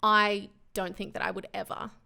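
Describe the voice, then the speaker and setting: A woman's voice: medium pitch, level tone, moderate pace, vocal fry, background noise. Playful woman in her thirties. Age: 30s. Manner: playful, laughing asides, acts out quoted reactions. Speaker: book club podcast co-host. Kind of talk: casual chat.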